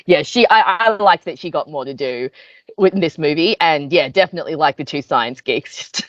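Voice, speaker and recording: A woman co-hosting a casual film review chat, animated and laughing often, acting out scenes as she retells them. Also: sits low, moderate pace, no echo. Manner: animated, laughs often, acts out quoted lines. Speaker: podcast co-host. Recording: dull lo-fi dry sound.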